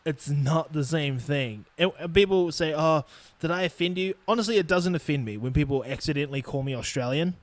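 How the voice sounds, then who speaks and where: A man's voice: fairly high pitch, fairly quick, few pauses, dry recording. A young man from New Zealand with a New Zealand accent, hosting a podcast in a blunt, profane, casual rant. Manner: blunt and profane, laughing between points. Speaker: podcast host.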